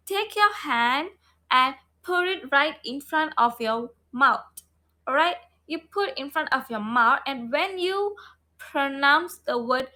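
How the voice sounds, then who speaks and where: A woman's voice: high voice, sharp tone. A woman teaching phonics online, repeating each sound over and over and checking in with the learner. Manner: models mouth shape and breath for learners.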